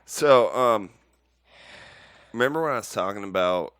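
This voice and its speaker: A man's voice: on the low side, expressive, unhurried, crowd noise. A man co-hosting a casual podcast, rambling and swearing as he laughs through his stories. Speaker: podcast co-host.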